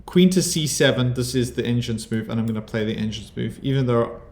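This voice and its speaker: A man's voice: mid-range voice, a little fast, gravelly, darkish tone, echoey room. A South African man from South Africa, a chess streamer chatting casually and thinking aloud about his moves as he plays. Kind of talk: casual commentary over his own chess game.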